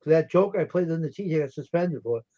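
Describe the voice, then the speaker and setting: A man co-hosting a livestream, telling crude, animated stories and laughing as he goes. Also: on the high side, quick pace, no echo, lo-fi sound. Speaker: livestream co-host. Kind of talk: casual storytelling chat.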